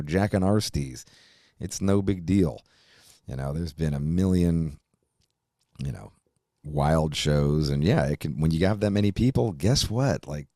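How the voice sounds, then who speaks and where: A middle-aged man hosting a podcast, rambling through a profane, animated monologue. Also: extremely low pitch, no room sound, studio quality. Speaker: podcast host. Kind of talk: casual chat.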